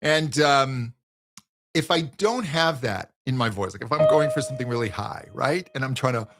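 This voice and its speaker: A man's voice: mid-range voice, normal speed, fairly bright tone. A man teaching singing in a live question-and-answer session, explaining with restarts and breaking into sung exercises. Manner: thoughtful, restarts phrases.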